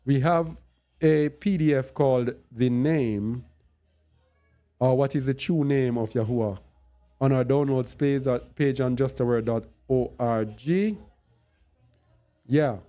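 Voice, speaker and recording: A man's voice: mid-range voice, mellow. A man giving an unscripted bible teaching. He thinks aloud while searching on screen and repeats words for stress.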